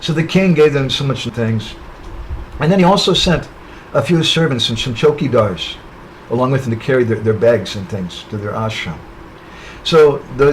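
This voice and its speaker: A man of medium pitch narrates a parable in a sermon. He speaks over an online webinar call and keeps checking in with the listeners through short tag questions. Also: a little hiss or hum, poor audio. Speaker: spiritual speaker. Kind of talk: storytelling sermon.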